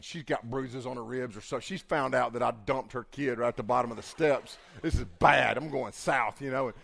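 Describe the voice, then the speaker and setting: A young man preaching, telling a comic, animated story with big swings in volume. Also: medium pitch, normal speed, vocal fry. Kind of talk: storytelling sermon.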